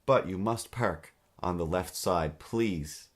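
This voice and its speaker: Deep-voiced man ranting comedically. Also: slow pace. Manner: animated, exasperated ranting with voices. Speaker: podcast host. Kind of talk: comedic monologue.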